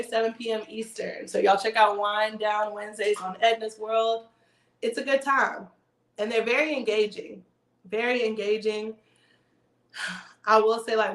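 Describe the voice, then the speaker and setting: Woman, livestream host, casual chat, rambling and joking, echoey room. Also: mid-range voice.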